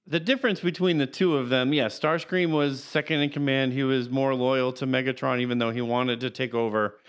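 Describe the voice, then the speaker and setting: A man co-hosting a casual podcast chat, talking in a halting, rambling way and reading out character facts. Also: medium pitch, fairly even intonation, a bit bright. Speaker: podcast co-host.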